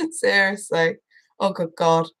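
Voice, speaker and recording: A woman's voice: mid-range voice, very animated, very slow, fairly bright tone, poor audio. A woman, a tarot reader hosting a live stream in a casual chat, greeting viewers by name, swearing freely and emotional, laughing through it. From United Kingdom.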